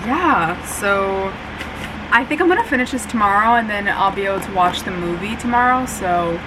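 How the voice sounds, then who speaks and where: A young woman chatting casually to her camera at home, full of "like" and "um", with a fan running in the room. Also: medium pitch. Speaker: vlogger. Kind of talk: casual reading-update vlog. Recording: steady fan hum behind.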